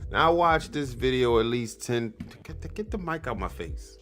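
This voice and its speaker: A man hosting a show, riffing on a replayed clip in casual, slangy commentary, animated and mocking, laughing often. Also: medium pitch, moderate pace, faint music behind. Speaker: podcast host reacting to a clip.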